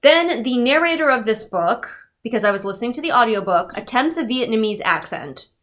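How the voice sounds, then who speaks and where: A woman's voice: on the high side, animated, fairly quick, a bit bright. A woman giving a casual, sarcastic and exasperated book review rant.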